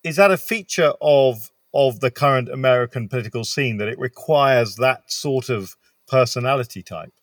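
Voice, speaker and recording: A British man hosting an interview, asking thoughtful, measured questions. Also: mid-range voice, no echo, studio quality. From Britain. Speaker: interview host.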